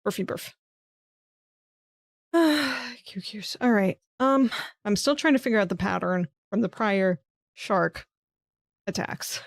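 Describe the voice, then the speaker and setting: In clean studio sound with no echo, a woman streamer with a mid-range voice plays a puzzle game at a slow pace. She offers casual live commentary, thinking aloud, muttering to herself and cursing when things frustrate her.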